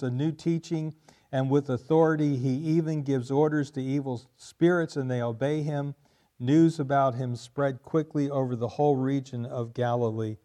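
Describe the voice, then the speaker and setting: Male pastor, mellow low-key tone, emphatic sermon delivery, repeats lines for stress.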